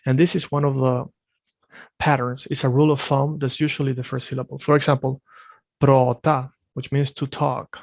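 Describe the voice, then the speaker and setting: A man with a gravelly voice teaches a one-on-one language lesson, correcting his student firmly. He drills each word slowly and repeats it. The sound is dry and close, as on a video call. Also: mid-range voice, flat delivery, dry recording. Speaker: Swedish teacher.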